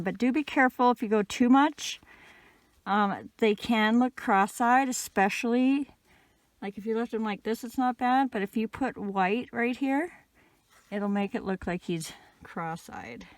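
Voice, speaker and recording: A woman giving a casual, patient step-by-step crochet tutorial, talking gently with the odd "um". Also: a little high, measured pace, dry recording. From Canada. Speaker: crochet instructor.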